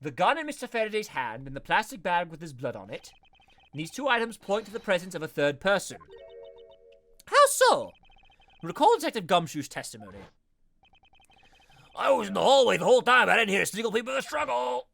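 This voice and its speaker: A man voicing a composed, logical male prosecutor for a fan voice-over of a game, speaking in a measured way. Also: sits high, big pitch swings, creaky, sharp tone, voice pushed up, full character voice. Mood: reasoning. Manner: measured, deliberate reasoning.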